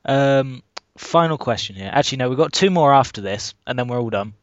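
A man's voice: mid-range voice, animated, fairly quick, no room sound, muffled recording. A man hosting a podcast, asking interview questions casually with hesitant fillers. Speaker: podcast host.

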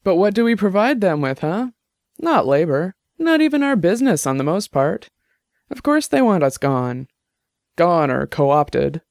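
A man voicing a tipsy, argumentative young woman musician who talks loud and bitter in a bar. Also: sits high, big pitch swings, measured pace, vocal fry, dry recording, studio quality, voice pushed up, full character voice.

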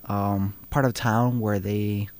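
A man with a somewhat low voice hosts a relaxed news chat. He reads stories aloud, stumbling now and then with fillers and restarts. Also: slow pace. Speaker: news show host.

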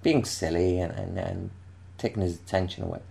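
Telling a meandering casual story a little fast, a man from England speaks in a very low, gravelly voice. His delivery is rambling and relaxed, full of self-interruptions, restarted sentences and bursts of laughter, much like easygoing conversation.

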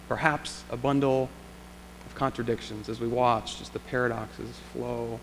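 Gravelly-voiced male pastor in a reverberant church. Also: medium pitch, steady tone, moderate pace, a bit bright. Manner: reflective, conversational preaching with rhetorical questions. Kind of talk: sermon. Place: church sanctuary. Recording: long church reverb, faint hum.

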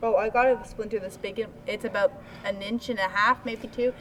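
A young woman co-hosting a casual podcast, quick to interrupt and eager to wrap things up. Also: mid-range voice, fairly even intonation, fairly bright tone, slight background noise, rough recording. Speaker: podcast co-host. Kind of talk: casual chat.

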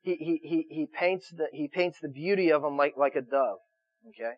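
A man's voice: on the high side, moderate pace, dry recording, dull audio. A man preaching a sermon in a loose, conversational way, often restarting his words and checking in with his listeners. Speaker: pastor.

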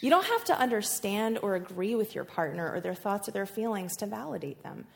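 A woman's voice: mid-range voice, lively intonation, brisk, creaky. A woman presenting a marriage class, casual and chatty with frequent fillers. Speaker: workshop presenter.

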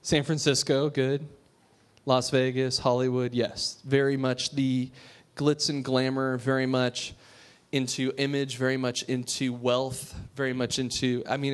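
A man preaching a conversational sermon to a small congregation in a room, speaking frankly and informally with frequent restarts. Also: mid-range voice.

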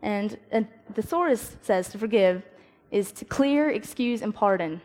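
A woman's voice: mid-range voice, expressive, moderate pace, darkish tone. Chatty young woman in a hall. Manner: chatty, storytelling, acts out her own inner dialogue. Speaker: youth speaker. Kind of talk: informal devotional talk. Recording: long reverb of a hall.

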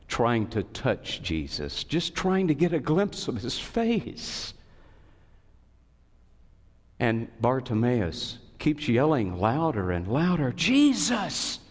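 A man preaching a sermon as a pastor, telling a story with expressive swings and sudden high cries. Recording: long reverb of a large hall.

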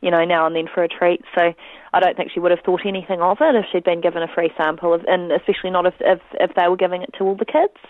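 A woman's voice: on the low side, flat delivery, quick pace, no echo. A chatty New woman tells her story as a parent, leaning on "you know" as she goes. She comes through a tinny phone line. The sound is dry, with no room around her. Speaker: parent guest. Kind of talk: casual interview chat.

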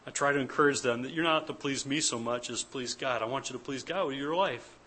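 A man's voice: medium pitch, brisk, bright, forceful tone, breathy edge. A man preaching an earnest, emphatic church sermon as pastor, repeating his key points. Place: church service.

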